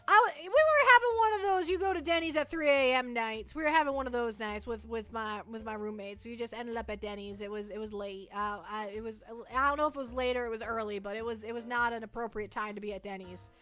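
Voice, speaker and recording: A woman's voice: a little high, a bit bright. A young woman chatting casually on a livestream, rambling playfully and restarting her sentences.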